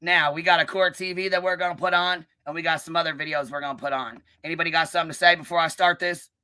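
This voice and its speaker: A woman hosting a live stream, ranting and calling people out in a combative, profanity-heavy way, with a notably low, bass-heavy voice. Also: fairly even intonation, fast, sharp tone. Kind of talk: live-stream commentary rant.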